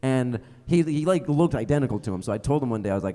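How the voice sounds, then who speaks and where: A man's voice: medium pitch, fast, few pauses, dark tone, long reverb tail. A young adult man doing a stand-up comedy set on a theater stage, rambling and self-mocking, with many fillers. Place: theater stage before a live audience.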